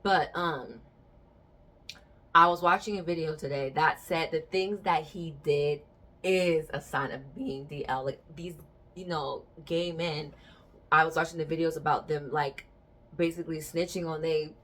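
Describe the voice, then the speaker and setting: Animated young woman podcast host. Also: deep voice, a little slow. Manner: animated, frank storytelling with bursts of laughter. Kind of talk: casual podcast chat.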